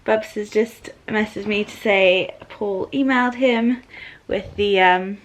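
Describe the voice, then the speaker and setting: A woman's voice: medium pitch, steady tone, takes it slowly, a little hiss or hum. A woman in her thirties from the UK, chatting casually to camera in a vlog from her couch at home, giggling as she goes. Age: 30s. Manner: chatty, giggly, often laughing. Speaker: vlogger.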